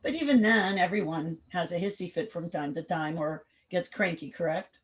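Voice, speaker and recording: A woman leading an interactive online class over a video call, direct and firm, quizzing the group with quick questions. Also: fairly low pitch. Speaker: workshop instructor.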